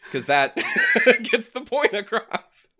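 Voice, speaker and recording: A man's voice: extremely high pitch, wildly swooping pitch, takes it slowly, sharp tone. A young man from New Hampshire with a New England accent, chatting casually and laughing at himself. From New Hampshire, USA. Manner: rambling, laughs often, self-mocking. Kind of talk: casual chat.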